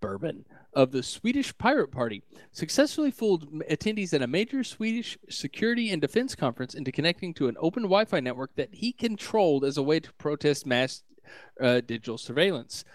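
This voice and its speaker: A man's voice: on the high side, no echo. A man co-hosting a casual tech news podcast, reading articles aloud with stumbles and laughter.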